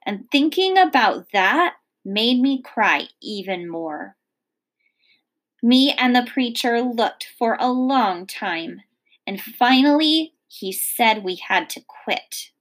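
A woman teacher reading a children's novel aloud in a measured, expressive storytelling manner. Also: a little high.

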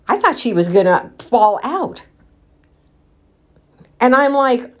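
A woman vlogger telling a personal story while out walking, candid and animated, quoting what people said and talking to her viewers directly. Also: fairly high pitch, slow, long pauses. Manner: candid, animated retelling with quoted dialogue; addresses viewers directly as guys.

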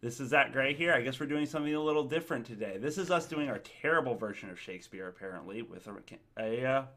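A man's voice: medium pitch, expressive, quick pace, fairly bright tone. A man co-hosting a casual live stream, joking and hesitant. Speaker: co-host.

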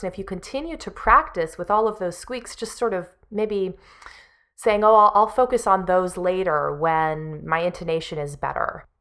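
A woman's voice: on the low side, a bit bright. A woman music teacher giving an earnest, encouraging practice lesson, with frequent fillers. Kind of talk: spoken practice lesson to camera.

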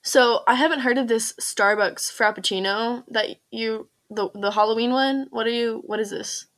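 A woman's voice: on the high side, normal speed, a bit bright. A young adult woman co-hosting a podcast in casual chat, giggly and full of fillers. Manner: giggly, chatty, filler-heavy. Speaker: podcast co-host.

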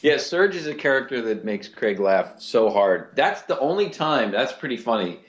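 A man, a voice actor and comedian, telling stories in a casual interview with lively restarts. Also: medium pitch, moderate pace, echoey room, dull audio. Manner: animated storyteller, lots of restarts.

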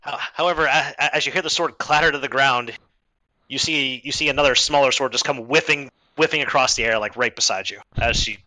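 A man acting as game master, narrating an online tabletop game in a lively way with quick restarts. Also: mid-range voice, no echo, low-quality recording.

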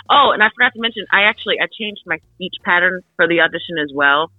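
A young woman from the Philadelphia suburbs, an actress guest telling an animated story full of fillers in an interview. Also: lowish voice, quick pace, few pauses, dry recording, faint music behind. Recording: tinny phone-line radio, dry.

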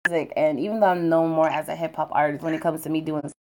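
A woman hosting a casual chat in a relaxed, chatty way. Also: low-pitched, fast, a little hiss or hum.

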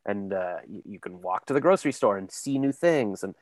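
A man's voice: lowish voice, a little fast, dry recording. A man in casual conversation, telling stories and now and then slipping into character voices. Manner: animated storyteller, slips into character voices. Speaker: voice actor. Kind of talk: casual chat.

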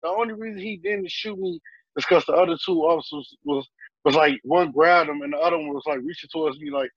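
A man with a husky, higher-than-usual voice recounts a tense encounter in a casual group talk. He acts out the exchange with rising heat. The sound is dry and somewhat dull. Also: quick pace, no room sound. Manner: animated storytelling, reenacting a heated exchange. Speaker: panel guest.

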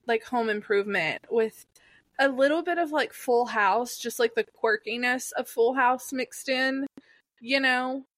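A woman's voice: a little high, a little slow, fairly bright tone, no room sound. A woman co-hosting a podcast in casual chat, sarcastic and chatty with lots of filler words. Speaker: podcast co-host. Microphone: podcast mic.

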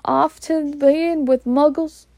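A woman's voice: high-pitched, steady tone, takes it slowly, creaky, mellow, no room sound, pitched above the performer's own voice, full character voice. A woman doing a tearful Scottish giant. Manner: tearful, choked-up. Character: huge tearful male giant, soft-hearted.

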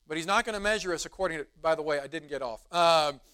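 A middle-aged man, a pastor preaching a sermon in a church, telling a folksy story in a relaxed, conversational way. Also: on the high side, quick pace, smooth. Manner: rises to emphatic preaching. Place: church sanctuary.

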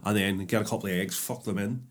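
A man's voice: fairly low pitch, steady tone. A man co-hosting a podcast, talking bluntly with casual swearing. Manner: blunt, sweary, quick banter. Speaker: podcast co-host. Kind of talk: casual chat.

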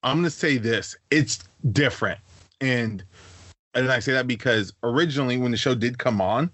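A man's voice: medium pitch, moderate pace, a bit bright, no echo. A young man co-hosting a casual podcast, earnestly explaining with lots of fillers. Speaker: podcast co-host. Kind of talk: casual chat.

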